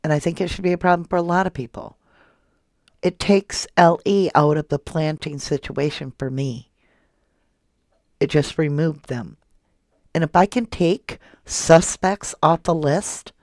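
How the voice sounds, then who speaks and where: A soft-spoken woman hosting a true crime livestream, reading viewer comments aloud and calling her viewers love and honey. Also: low-pitched, creaky, no room sound, clean studio sound. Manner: affectionate toward viewers, calls them love and honey. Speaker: true crime channel host.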